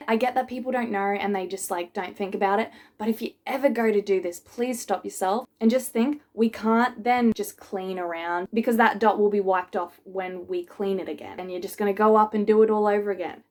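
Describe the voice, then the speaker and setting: A young woman, a piercer reacting to memes in a casual vlog, animated and sarcastic, often slipping into mocking voices. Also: mid-range voice, fairly quick, hardly any pauses.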